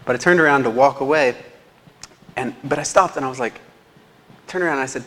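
A man's voice: medium pitch, a little fast, a bit bright, slight background noise. Self-deprecating young man preaching in a hall. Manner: self-deprecating, storytelling, chuckles often. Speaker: lay preacher, teacher. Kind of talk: sermon. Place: church hall. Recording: long hall reverb.

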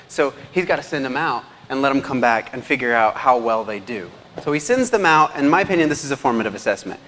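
With lively intonation and a quick, slightly bright medium-pitched voice, a man teaching from slides chats easily and keeps checking in with the audience. Faint background noise sits under a long hall reverb.

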